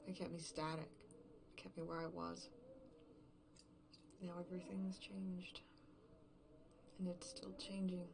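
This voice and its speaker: Woman playing a gravelly-voiced lonely grieving woman. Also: lowish voice, a little hiss or hum. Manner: halting, hushed, fragmented delivery. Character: lonely grieving woman, bitter and self-mocking. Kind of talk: audio drama monologue.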